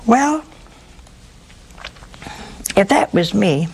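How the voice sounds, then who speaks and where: A woman's voice: mid-range voice, a little slow, a little hiss or hum, rough recording. Woman with a sore throat telling a saint's tale. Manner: homely, humorous asides. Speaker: religious storyteller. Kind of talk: storytelling talk to an audience.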